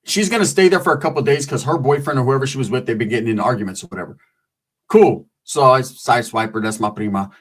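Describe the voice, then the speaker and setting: A man telling a comic story in a casual, profane, slangy way, breaking into squeaky voices when he quotes people. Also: quick pace, slightly rough.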